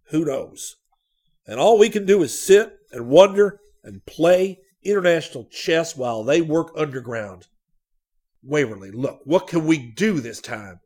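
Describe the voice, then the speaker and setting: Man voicing imposing male statesman, pessimistic, blunt, emphatic, raised pitch. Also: a little mellow.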